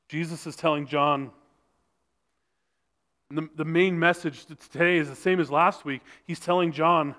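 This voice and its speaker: A male pastor delivers his sermon with earnest conviction, now and then sinking to a hushed, intense register to press a point. His voice sits somewhat high and rings bright and forceful. The sound carries a long reverb tail, as in a large hall. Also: steady tone, a little slow, long pauses. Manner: earnest preaching, drops to soft intense tones for emphasis.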